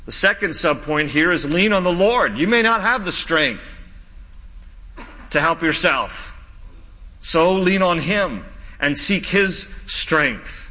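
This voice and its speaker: A male pastor preaching a sermon, slow and emphatic, dropping low and soft on key lines. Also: expressive, big-room sound, low-quality recording.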